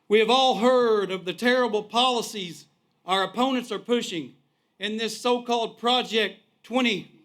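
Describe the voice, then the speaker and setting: Outdoors at a political rally, a man with a Kentucky accent and a high, sharp voice gives a folksy, punchy, rousing speech. He keeps repeating "folks" as he builds toward introducing the next speaker.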